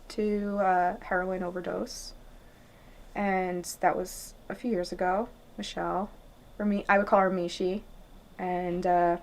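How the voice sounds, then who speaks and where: Reflective woman in casual chat. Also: fairly low pitch. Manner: reflective, asks gentle questions. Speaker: podcast co-host.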